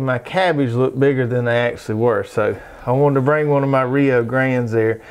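Man, Southern US accent, middle-aged, folksy rambling host, mid pitch. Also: normal speed, smooth. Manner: folksy, rambling, drawling delivery. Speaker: show host. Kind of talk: casual chat.

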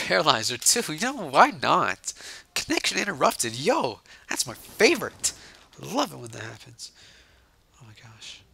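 A young man giving casual, joking commentary while playing a zombie video game, sarcastic and swinging between mumbled asides and sudden yells. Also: mid-range voice, gravelly, husky. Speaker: gaming channel host.

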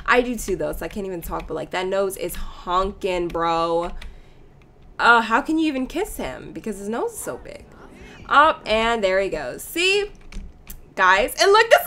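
A young woman chatting and giggling through casual game commentary, reacting loudly to what happens on screen. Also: mid-range voice, sing-song, measured pace. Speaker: let's play gamer.

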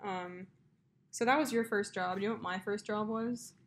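A young woman co-hosting a casual podcast, spinning long stories full of "like" and "um". Her voice sits at a middle pitch and she talks in a loose, conversational way. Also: fairly even intonation, moderate pace. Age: young adult. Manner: chatty storyteller, many fillers and likes. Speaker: podcast co-host. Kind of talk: casual chat.

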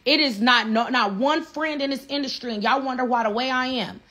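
Woman in a livestream rant; slightly high voice, blunt, profane, repetitive. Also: a little fast, pushed and bright. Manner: profane, blunt, repeats herself. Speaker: reality show cast member livestreaming.

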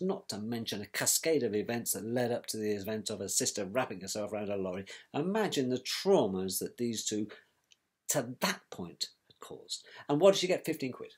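A man's voice: mid-range voice, darkish tone, breathy edge. A man recounting events about his brother, in a scornful, colloquial storytelling manner. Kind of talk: personal storytelling.

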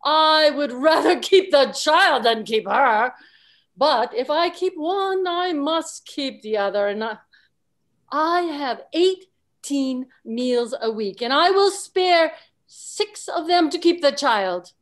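A woman reading the part of a young male servant who admits fathering a child, in a halting, earnest confession. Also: sits high, animated. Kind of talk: dramatic reading of court records.

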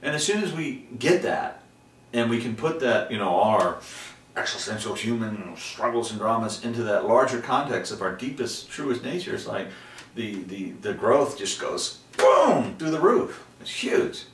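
A middle-aged man from Texas, a guest in an interview, telling about his dreams in an animated way, jumping to high exclamations when he acts out scenes. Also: moderate pace, recorded from a distance. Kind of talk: personal storytelling in an interview. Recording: roomy, from away from the mic, faint background hiss.

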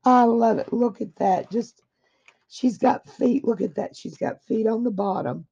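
A woman speaks slowly in a dark, gravelly, husky voice, pouring out effusive praise as she unboxes a gift. Her throat sounds a little dry. The recording is dull and lo-fi. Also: fairly high pitch. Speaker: craft vlogger opening happy mail. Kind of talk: casual unboxing chat. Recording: dull lo-fi audio.

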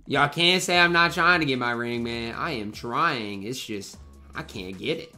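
A man's voice: medium pitch, a little slow, bright, forceful tone, soft background music. A young man, commenting live on his own basketball video game match, slangy and frustrated, trash-talking his teammates and opponent. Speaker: gaming YouTuber.

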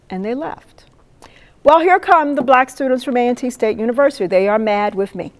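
A woman in her seventies, a poet laureate, telling a lively story to an audience and acting out the voices of the people in it. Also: sits high, brisk. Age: 70s. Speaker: poet laureate giving a talk. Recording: long reverb of a hall.

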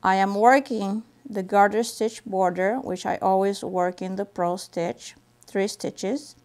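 A woman's voice: mid-range voice, steady tone, darkish tone. A woman teaching a knitting stitch step by step, patiently repeating each move as she demonstrates. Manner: patient, repeats steps slowly while demonstrating. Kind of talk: step-by-step craft tutorial.

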